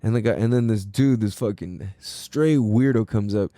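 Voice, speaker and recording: A man's voice: lowish voice, normal speed, warm tone, dry recording. A man hosting a podcast, telling a story in a casual, rambling way, full of slang, swearing and fillers. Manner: mimics people in quoted voices. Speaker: podcast host.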